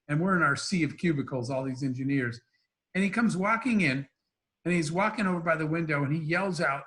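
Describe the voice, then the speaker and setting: A man with a slightly high voice tells lively anecdotes as an interview guest. He acts out the voices of people in his stories while keeping a casual, conversational flow. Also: quick pace. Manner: animated anecdotes with quoted dialogue. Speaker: entrepreneur guest. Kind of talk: storytelling interview talk.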